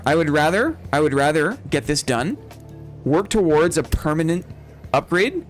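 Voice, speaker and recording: A young man chatting casually and rambling to his viewers while he plays a game. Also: on the high side. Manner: chatty, rambling, addresses chat as brother. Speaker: streamer. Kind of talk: casual gameplay chat to viewers.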